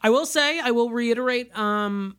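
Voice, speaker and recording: A man's voice: extremely high pitch, normal speed, fairly bright tone, clear, resonant tone. A man co-hosting a movie podcast in casual chat, dry and sardonic, swearing freely. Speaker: podcast co-host.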